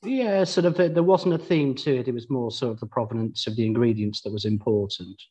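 A male podcast host with a husky, slightly breathy voice at a middle pitch. He frames his questions slowly, circling around them with soft hedging phrases. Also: poor audio. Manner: halting, leans heavily on "sort of" and "I think". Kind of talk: casual conversational interview.

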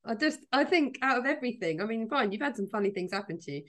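A woman's voice: fairly high pitch, expressive, fast, a bit bright. A woman co-hosting a podcast in casual chat, reacting with enthusiasm and laughing readily. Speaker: podcast co-host.

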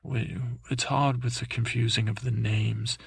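Gravelly rambling man, playing a dim boy prince. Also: medium pitch, steady tone, no room sound, studio quality. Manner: halting, full of restarts and mixed-up names. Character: dim, timid boy prince telling a tale. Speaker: comedic storyteller. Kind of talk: rambling improvised comic storytelling in character as a boy prince.

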